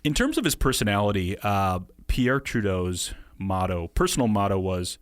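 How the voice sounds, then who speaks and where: American guy hosting a podcast, quick chatty talk with lots of laughs, dry close mic. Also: on the low side, big pitch swings, no room sound. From United States. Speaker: podcast co-host. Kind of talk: casual podcast chat.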